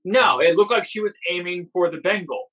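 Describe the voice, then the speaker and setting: A man's voice: sits high, fairly quick, crowd noise. A man co-hosting a podcast, chatting eagerly and in a rambling way about a TV episode, on a dull lo-fi mic. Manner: enthusiastic, rambling. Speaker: podcast co-host. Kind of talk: casual discussion of a TV episode.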